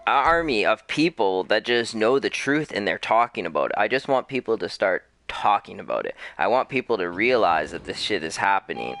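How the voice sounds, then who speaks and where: A man's voice: fairly low pitch, fairly bright tone. A young man, a gaming streamer, giving a heated, profane and impassioned rant. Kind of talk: casual rant over gameplay.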